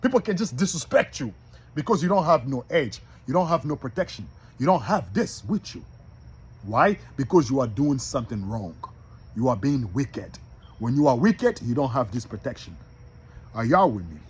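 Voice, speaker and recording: A man's voice: mid-range voice, very animated, moderate pace, slightly rough. A man giving an informal, emphatic sermon, reading scripture aloud and repeating his points straight to his listeners. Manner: emphatic, repetitive, addresses listeners directly. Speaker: preacher.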